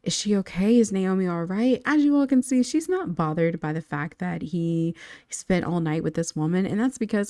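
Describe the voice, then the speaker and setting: A woman's voice: mid-range voice, warm tone, dry recording, clean studio sound. A woman narrating a life-sim game story in a chatty, casual way, talking straight to her viewers. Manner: chatty, addresses viewers directly.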